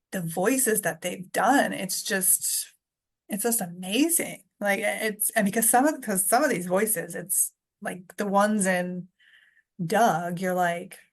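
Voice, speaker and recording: A woman's voice: mid-range voice, slow. Rambling, laughing woman co-host with a mid-range voice, casual podcast chat. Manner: chatty, rambling, laughs often.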